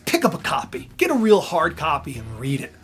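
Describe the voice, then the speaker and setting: A man with a worn, hoarse voice preaches scripture straight to his viewers. He drops to a near-murmur, then rises to loud, fervent bursts. Faint music plays underneath. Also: a little high, huge pitch swings, brisk. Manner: swings from quiet intimacy to loud fervor. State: hoarse, tired voice. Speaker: online preacher, channel host. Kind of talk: impassioned scripture preaching to camera.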